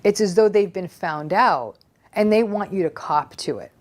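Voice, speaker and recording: A woman's voice: medium pitch, lively intonation, normal speed. A woman psychologist giving a conversational educational talk, earnest and explanatory, sometimes acting out quoted voices.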